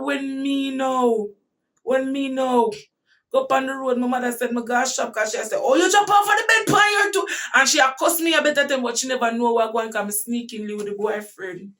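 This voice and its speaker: A woman with a Jamaican accent telling a personal story in casual talk, animated and breaking into shouts at tense moments. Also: on the high side, distant mic.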